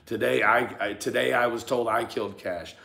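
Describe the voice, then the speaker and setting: A man's voice: mid-range voice, steady tone, normal speed, vocal fry, sharp tone. A man hosting a casual commentary rant for his channel, speaking emphatically, often stammering and repeating words as he addresses viewers and critics directly. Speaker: YouTube true crime commentator.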